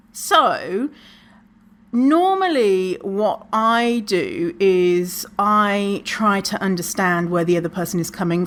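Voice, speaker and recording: A woman's voice: fairly low pitch, slight background noise. A woman hosting a podcast, giving casual advice in a sassy, swearing way and acting out quoted lines. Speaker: podcast host.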